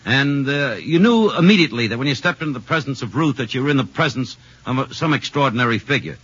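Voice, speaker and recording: A man's voice: medium pitch, animated, quick pace, a bit bright, husky, no echo. A middle-aged man, a former ballplayer turned sportscaster, telling old stories in a folksy way with many fillers. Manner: folksy storyteller, many uh fillers, acts out quoted voices. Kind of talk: reminiscing interview anecdote. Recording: dull lo-fi old radio recording.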